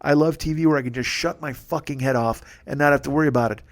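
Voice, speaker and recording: A man's voice: a little high, steady tone, quick pace. A man in his forties hosting a solo comedy podcast, rambling and profane, often laughing at his own jokes. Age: 40s. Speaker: comedian host.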